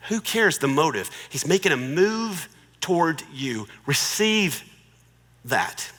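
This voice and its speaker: A man's voice: on the high side, sing-song, slow, big-room sound. A middle-aged man giving a humorous marriage talk in a joking, conversational way. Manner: joking, conversational, warmly persuasive. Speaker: marriage speaker.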